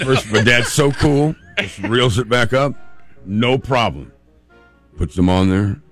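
A male talk host spins a comic story, full of laughter and acted-out voices. His pitch is middle-of-the-road but swings widely. Faint music plays underneath. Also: slow pace. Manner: animated, laughing often, acting out voices. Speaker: radio host telling a story. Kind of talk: casual storytelling.

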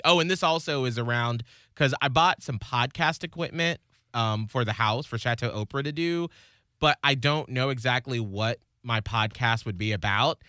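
Male co-host, casual podcast banter, bright tone, animated delivery, dry close mic. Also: mid-range voice, moderate pace, dry recording. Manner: animated, rising to excited outbursts. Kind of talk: casual chat.

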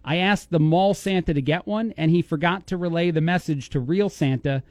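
Brief: New York man, radio host, higher voice, dry close studio sound, teasing banter. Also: no echo. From East Coast of the US. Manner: playful, teasing, quick joking. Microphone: studio microphone.

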